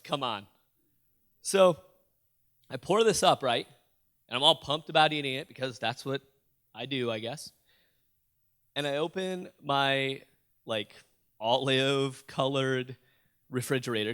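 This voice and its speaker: A man speaking onstage at a school assembly, in a storytelling keynote. He is animated, asks the crowd questions and jokes with them. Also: mid-range voice. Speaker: motivational youth speaker. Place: school auditorium.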